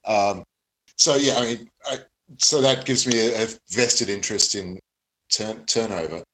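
A man's voice: fairly low pitch, unhurried, a bit bright, low-quality recording. A man who paints miniatures for a living, chatting hesitantly on a podcast and restarting his sentences often. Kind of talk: casual podcast chat.

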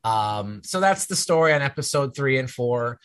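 A man's voice: mid-range voice, expressive, moderate pace, a bit bright, dry recording. Rambling man hosting a casual podcast. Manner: rambling, self-correcting storyteller. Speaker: podcast host.

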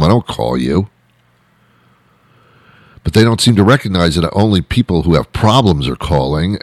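A man's voice: low-pitched, a little mellow, no room sound. A man delivering an exasperated, comic rant with lots of repetition and restarts. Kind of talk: ranting monologue.

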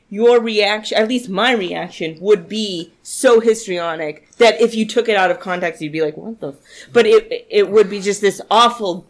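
A woman co-hosting a casual podcast chat about a TV show, chatty and reflective, often saying "like". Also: medium pitch. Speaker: podcast co-host.

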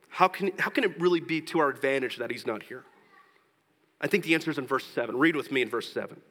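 A man preaching a sermon as pastor, earnest, slowing down for scripture and rising in pitch and force when he exhorts. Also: fairly bright tone, in a large hall, rough recording. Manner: slows down for scripture and tender points.

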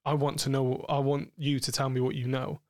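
A man's voice: medium pitch, flat delivery, a little fast, a little mellow, no echo, studio quality. A man, co-hosting a podcast, talking frankly and explicitly about sex in a rambling way with many fillers. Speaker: podcast co-host.

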